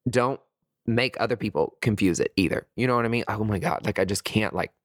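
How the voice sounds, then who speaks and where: A man talking candidly to his viewers in a sassy, animated way, full of swearing and pet names, with sudden high squeals of disgust. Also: a little fast, dry recording, studio quality. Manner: very expressive pitch swings, high squeals of disgust. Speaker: vlogger sharing dating opinions.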